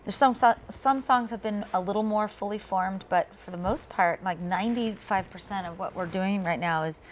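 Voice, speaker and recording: A woman band member calmly explaining how the band writes songs, in a studio interview. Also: medium pitch, slight background noise. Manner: measured, explaining. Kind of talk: casual interview chat.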